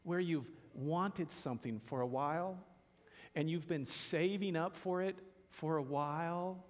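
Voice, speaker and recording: Slow-talking man preaching in a hall. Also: fairly high pitch. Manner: speaks to the listeners directly and asks them questions. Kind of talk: sermon.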